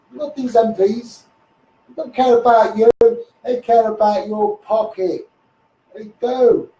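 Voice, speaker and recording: A man's voice: high voice, mellow, echoey room, recorded from a distance, rough recording. A man with a Scouse accent ranting heatedly into a live stream, repeating himself and swearing often. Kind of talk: impassioned Facebook live rant.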